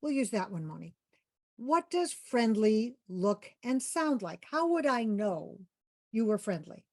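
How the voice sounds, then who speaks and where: A woman's voice: fairly high pitch, very animated, measured pace, a little mellow. A woman coaching interview skills in a workshop, upbeat and encouraging, asking participants questions and demonstrating voice tones.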